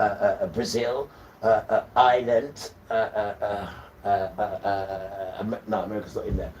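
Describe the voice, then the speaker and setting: A man holds forth on his livestream in a preachy, emphatic way, breaking into chuckles between points. His voice sits at an ordinary pitch and reaches the mic from a little way off, with a faint noise underneath. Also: distant mic, low-quality recording. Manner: emphatic, lecturing, chuckling asides. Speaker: livestream host.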